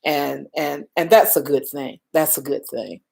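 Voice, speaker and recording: Older woman, live stream host, slow unhurried talk, somewhat low voice, emotional, reassuring. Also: gravelly, a little mellow, husky. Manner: emotional, reassuring, reads viewer comments aloud. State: shaken, calming down. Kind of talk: casual live stream chat.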